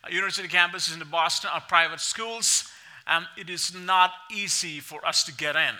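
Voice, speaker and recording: Pastor, male, Indian accent, high and very bright tone, earnest sermon delivery. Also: normal speed. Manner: earnest, repeats phrases, reads scripture aloud. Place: church.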